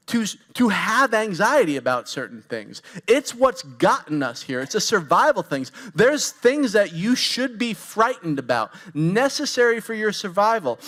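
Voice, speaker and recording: A man's voice: sits high, a bit bright. A man in his forties giving a conversational sermon as pastor, candid and storytelling, talking straight to his congregation. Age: 40s.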